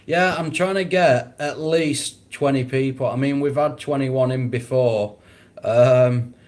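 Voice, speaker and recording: Slow-talking laid-back man. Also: mid-range voice, a little mellow. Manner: laid-back, swears a lot, laughs often. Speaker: livestream host. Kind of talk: casual livestream chat reading comments.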